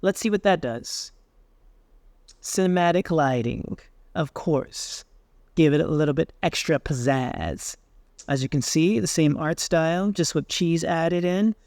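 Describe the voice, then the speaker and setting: A man hosting a software tutorial, casually thinking aloud with fillers as he tries things on screen. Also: on the high side, unhurried, creaky, no echo, studio quality. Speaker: tech tutorial host. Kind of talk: screen-recorded software walkthrough.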